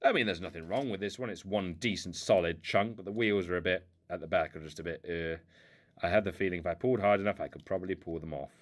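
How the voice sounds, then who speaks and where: A low-voiced, fast-talking man unboxes old toy cars at home. He's a collector rambling casually, poking fun at himself in a playful way.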